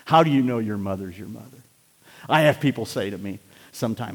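A man preaching a sermon, swinging between loud exhortation and hushed, near-whispered passages. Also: on the low side, animated, a little fast, breathy edge. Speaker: pastor. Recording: long hall reverb.

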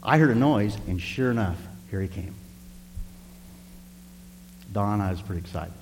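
A male preacher telling a personal story in a sermon, animated and speaking straight to the congregation. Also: on the low side, normal speed. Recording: reverberant hall with faint hum.

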